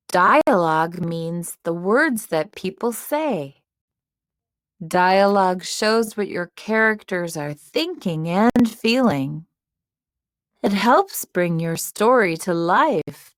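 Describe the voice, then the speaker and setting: A woman narrating a children's writing lesson and storybook in a slow, clear delivery. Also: fairly low pitch, lively intonation, no echo, clean studio sound. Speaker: teacher narrator.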